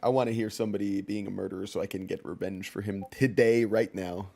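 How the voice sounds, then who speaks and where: A man's voice: lowish voice, steady tone, fast, gravelly, dark tone, breathy edge. A man giving casual, jokey commentary while streaming a game, laughing often and chatting with his viewers.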